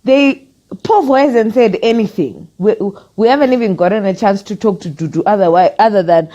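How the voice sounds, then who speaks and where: A woman from Zimbabwe co-hosting a casual chat, teasing her partner and quickly correcting and explaining points. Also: medium pitch, warm tone, highs cut off. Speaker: podcast co-host.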